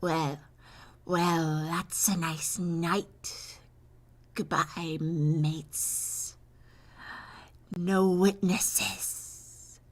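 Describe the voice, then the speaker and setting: A woman voicing the Joker, a menacing male villain, in a slow, breathy, hissing drawl. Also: lowish voice, steady tone, heavily acted. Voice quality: breathy whisper. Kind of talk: live-stream voice impression.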